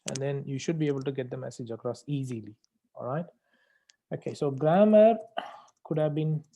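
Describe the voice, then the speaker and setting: A man working as an English test tutor, going over a student's mistakes and repeating the key advice slowly for emphasis. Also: a little high, mellow, a little hiss or hum. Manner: corrective and repetitive, slows down to stress key phrases. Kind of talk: spoken feedback on a practice test.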